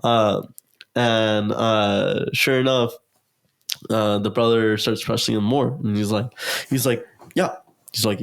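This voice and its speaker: A man's voice: on the low side, steady tone, measured pace, gravelly. Young guy rambling thru a story, lots of uh and like, acts out what ppl said. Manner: rambling, filler-heavy, acts out quotes. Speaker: guest. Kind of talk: casual storytelling.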